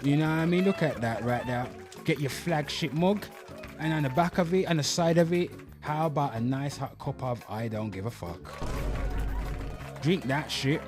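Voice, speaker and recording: A man's voice: on the high side, moderate pace, over music. A young man hosting his channel in a brash, crude, repetitive way, hyping merchandise and calling out to viewers. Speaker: host. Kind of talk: brash comedic channel talk.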